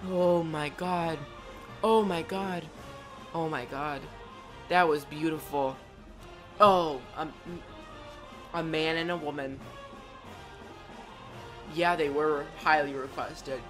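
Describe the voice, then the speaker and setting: Woman, lowish voice, excitable reaction commentary, gushing exclamations, faint music behind. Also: slow, long pauses. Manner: gushing, excitable, loud exclamations and jokey asides. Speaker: YouTuber reacting to a game trailer.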